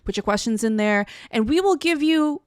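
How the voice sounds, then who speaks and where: A woman hosting a comedy podcast, chatting in a brash, swearing, laugh-prone way. Her voice sits on the higher side, and the recording is dry and close with little room sound. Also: lively intonation, no echo. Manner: brash, profane and quick to laugh. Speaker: podcast host. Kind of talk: casual comedy podcast chat.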